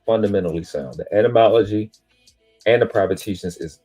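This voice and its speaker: A man with a very low, dark voice delivers an emphatic, preachy monologue on a live stream. He speaks, swears casually and boasts about himself. Faint music sits in the background. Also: fairly quick. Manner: self-aggrandizing, spiritual teaching tone.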